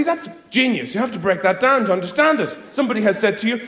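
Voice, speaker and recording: Man, middle-aged stand-up comic, high animated voice, roomy live theatre sound. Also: fast talker, hardly any pauses, a little hiss or hum. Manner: rambling, theatrical, acts out quoted voices. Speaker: stand-up comedian. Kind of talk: stand-up comedy routine. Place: theatre stage before a laughing audience.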